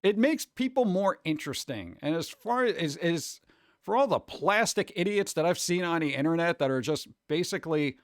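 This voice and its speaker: A man chatting casually on a live stream, rambling and animated, jumping between topics and slipping into mocking voices. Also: fairly high pitch, no echo, clean studio sound.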